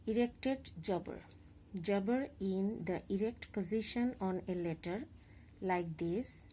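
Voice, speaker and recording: A young adult woman teacher with a Bangladeshi accent, explaining a class lesson slowly and carefully, spelling out examples. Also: mid-range voice, warm tone, slight background noise. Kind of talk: recorded online class lesson.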